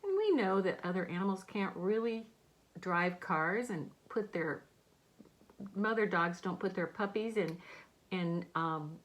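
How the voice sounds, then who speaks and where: Slow lively woman reading to kids. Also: on the low side. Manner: slow, gentle, explaining the pictures. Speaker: storytime reader. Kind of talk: reading a picture book aloud to children.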